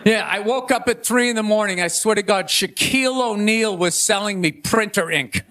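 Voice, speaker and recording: A middle-aged man with a Boston accent doing a stand-up comedy rant, animated and shouting, slipping into mocking impressions. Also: high voice, normal speed. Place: comedy stage before a live audience. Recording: live stage with crowd laughter.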